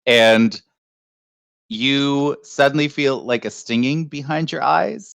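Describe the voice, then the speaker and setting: A man narrating as game master in a tabletop game, in a relaxed, giggly way. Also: medium pitch, slow pace, gravelly, smooth, no echo.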